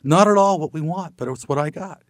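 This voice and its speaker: A middle-aged man gives a folksy motivational talk. His voice sits a bit high for a man and comes through dry and close, with no room around it. He keeps asking rhetorical questions and acts out the people in his stories. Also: a little fast, no room sound. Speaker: motivational speaker.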